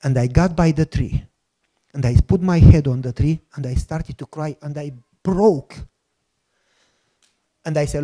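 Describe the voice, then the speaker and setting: Emotional preacher with a slightly high voice. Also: male voice, expressive, normal speed, dark tone. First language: not English. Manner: emotional, acts out quoted prayers. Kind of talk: sermon testimony storytelling.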